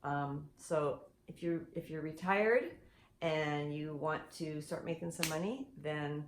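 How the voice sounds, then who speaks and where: A woman's voice: low voice, slow pace. An older woman co-hosting a casual chat show, talking in a chatty, self-deprecating way. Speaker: co-host. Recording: echoey room, faint noise.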